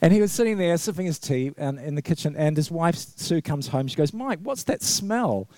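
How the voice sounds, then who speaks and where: A middle-aged vicar preaches a conversational, anecdote-filled sermon in church, laughing often and acting out the quotes like a chatty storyteller. His voice is on the high side, brisk and mellow. The recording is dry.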